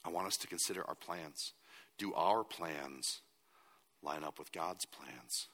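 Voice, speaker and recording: A man's voice: low voice, unhurried, a bit bright, in a large hall. A man preaching a sermon as a pastor, earnest and at times emphatic.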